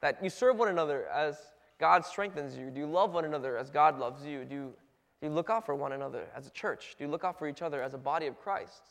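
High-voiced man preaching in a hall. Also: fast talker, creaky. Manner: conversational, acts out little dialogues, rhetorical questions. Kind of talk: casual sermon.

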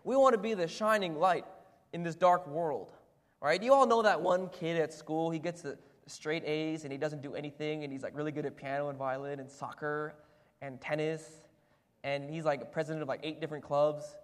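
Preacher, male, high voice, casual rhetorical sermon delivery, church hall with long reverb. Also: normal speed. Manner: conversational, rhetorical questions, frequent "right?".

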